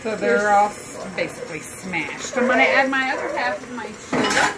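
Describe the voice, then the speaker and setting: A woman's voice: fairly high pitch, animated, normal speed. A woman hosting a casual cooking demonstration in a home kitchen, chatty and teasing as she talks through each step. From New Mexico. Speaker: cooking show host. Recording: loud kitchen mixer noise.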